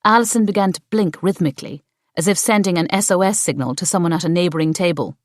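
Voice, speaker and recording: Low-voiced woman narrating a cozy mystery. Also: a little fast, no echo, clean studio sound. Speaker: audiobook narrator. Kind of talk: scripted narration.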